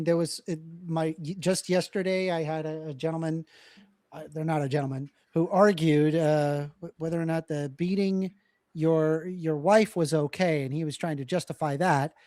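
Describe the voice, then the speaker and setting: A woman's voice: deep voice, moderate pace, dark tone, dry recording, clean studio sound. A woman debater on a live stream, explaining her points with hesitant restarts and blunt dismissals.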